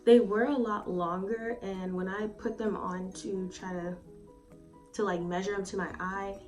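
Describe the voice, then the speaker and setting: A beauty vlogger with a medium-pitched, somewhat mellow voice gives a casual, rambling review at home, unhurried and fairly even in intonation. She's chatty, swears freely, and fills her talk with "like" and "um." The mic sits slightly distant, with faint music behind her.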